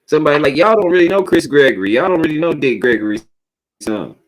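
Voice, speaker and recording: A man's voice: fairly high pitch, expressive, quick pace, low-quality recording. A man joins a podcast conversation as a co-host. He talks bluntly and easily, full of slang. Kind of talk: casual chat.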